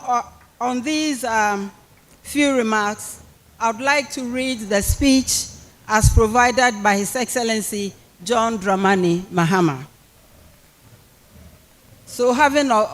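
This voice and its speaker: High-voiced Ghanaian man giving a speech. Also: a bit bright. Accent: Ghanaian English. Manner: emphatic, repetitive oratorical phrasing. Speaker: speaker at a university policy lecture. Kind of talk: public speech and reading of a prepared address.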